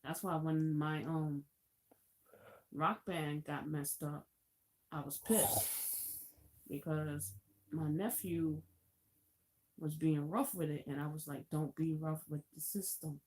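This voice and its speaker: A woman's voice: sits low, steady tone, slow, long pauses, a little mellow. A woman live-stream host casually telling a long anecdote, chatty and laughing easily. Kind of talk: casual storytelling.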